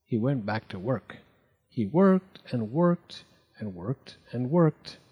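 A man reading a children's picture book aloud, gentle and deliberate. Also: mid-range voice, lively intonation, slightly rough, narrow, tinny audio. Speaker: narrator.

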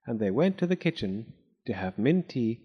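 A man reads a children's story aloud, his pitch rising and falling in a lively, animated way. His voice sits at a medium pitch for a man. His delivery is expressive and sounds read from a book. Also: normal speed, husky, lo-fi sound. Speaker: narrator. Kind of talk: storybook reading.

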